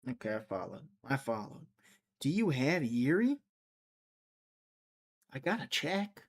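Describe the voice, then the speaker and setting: A man's voice: medium pitch, very animated, measured pace. A man hosting a casual livestream, rambling and joking as he answers viewers' chat comments. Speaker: livestream host.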